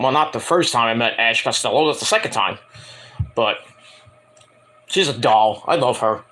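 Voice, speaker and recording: A man's voice: a little high, sharp tone. A man hosting a review show, telling a rambling, self-deprecating story and swearing freely as he acts out quotes. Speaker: wrestling review show host. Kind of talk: casual rambling monologue.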